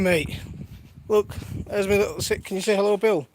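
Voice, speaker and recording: Outdoors in his garden, a thirtysomething man chats on a live stream as he looks after his toddler, laughing a lot and reading out viewer comments. He has a high-pitched, darkish voice with fairly even intonation and normal speed, plus slight background noise.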